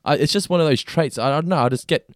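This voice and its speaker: A man co-hosting a podcast, recapping and teasing his co-host in lively casual chat. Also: fairly high pitch, racing, no room sound, studio quality. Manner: animated teasing storyteller.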